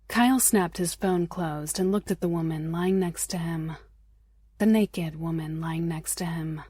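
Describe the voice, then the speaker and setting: Audiobook narration, woman, soft, intimate, slow, husky, lowish voice. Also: no echo, studio quality. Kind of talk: scripted narration.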